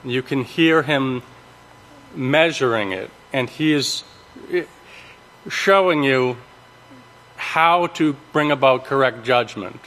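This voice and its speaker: A man giving a sermon, teaching from scripture in a halting way with many ums, restarts and checks of "okay?". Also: mid-range voice, a bit bright. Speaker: preacher. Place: large worship hall. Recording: long reverb of a large hall.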